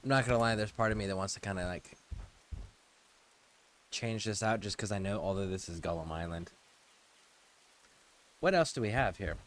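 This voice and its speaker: A man with a fairly low voice talks casually over a game stream. He reads out menu options and drifts into loose, profane tangents. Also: moderate pace, long pauses, fairly bright tone. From United States. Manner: loose, profane, chatty asides while browsing menus. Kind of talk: casual gameplay commentary.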